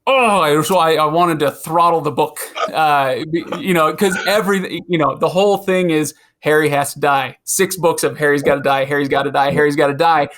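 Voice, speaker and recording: A man hosting a podcast, asking questions and telling a story in a relaxed, conversational way. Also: on the high side, moderate pace, few pauses. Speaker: podcast host.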